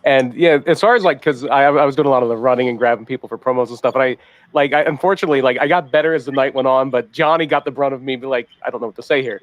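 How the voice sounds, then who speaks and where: A man's voice: mid-range voice, very fast, no room sound, highs cut off. A man co-hosting a podcast who jokes and laughs in casual chat. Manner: joking, laughs between lines.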